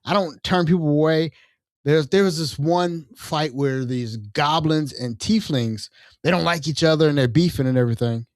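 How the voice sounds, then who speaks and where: A young adult man hosting a casual solo podcast, telling stories in an animated, slangy way and jumping into voices for quotes. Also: fairly high pitch, moderate pace, no room sound. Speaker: podcast host.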